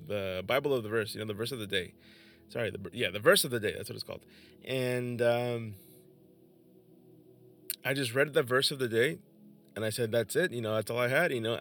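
A man's voice: medium pitch, fairly bright tone. A young man hosting a podcast, telling his personal faith testimony in an emotional, earnest way. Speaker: podcast host.

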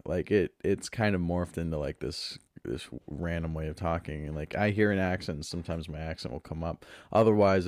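A man's voice: sits low, a little mellow, dry recording, clean studio sound. A man from Florida hosting a solo podcast, laid back, rambling and crude in his chat. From Pensacola, Florida. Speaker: podcast host.

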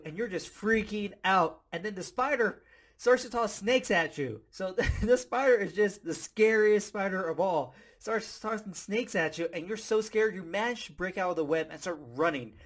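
High-voiced, playful male podcast host. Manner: playful, animated storytelling with frequent chuckles. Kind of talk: casual spoken teaching.

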